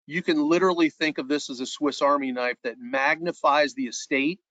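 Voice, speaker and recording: A man's voice: a little high, a bit bright, no room sound, muffled recording. A man giving an insurance sales presentation in a webinar, earnest and repeating words as he restarts his phrases.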